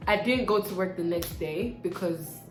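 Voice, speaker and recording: A young woman vlogger telling a personal story in a casual, animated and dramatic way. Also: fairly low pitch, moderate pace. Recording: echoey room, faint background music.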